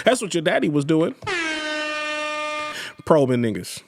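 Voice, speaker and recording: A young Bay Area man hosting a podcast, delivering a loud, profane comedic rant. His voice sits high and swings wildly, leaping into yelps and sinking into gruff low asides. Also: sing-song, measured pace, pauses often, over loud music. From East Oakland, California. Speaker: podcast host.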